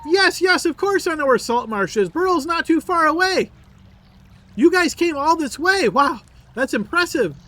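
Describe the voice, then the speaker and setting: A boastful captive elf bard rattles on in a very high, piercing voice. He stammers and chatters with theatrical flair. The tone is bright and sharp throughout. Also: animated, measured pace, exaggerated voice. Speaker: game master. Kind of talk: tabletop role-play voice acting.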